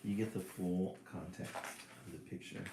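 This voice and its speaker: A man's voice: low voice, fairly even intonation, moderate pace. A man reading a picture book on a livestream, amused and laughing often between pages. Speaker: livestream reader. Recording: roomy echo, faint noise.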